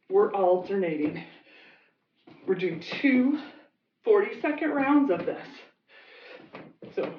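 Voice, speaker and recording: A woman's voice: medium pitch, slight background noise. A woman fitness instructor leading a workout class, encouraging and giving short commands. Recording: dull roomy sound, mic at a distance.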